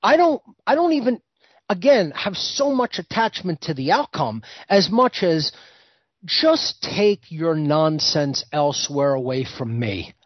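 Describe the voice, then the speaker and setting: A man's voice: fairly high pitch, big pitch swings, measured pace, no echo. A man hosting a talk show, delivering a heated, lecturing monologue. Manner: vehement, lecturing. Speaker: host. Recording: dull lo-fi recording.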